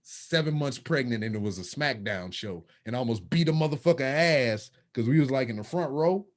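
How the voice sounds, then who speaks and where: A man hosting a podcast, telling stories in casual, profane, animated chat. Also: mid-range voice, a little fast. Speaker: podcast host.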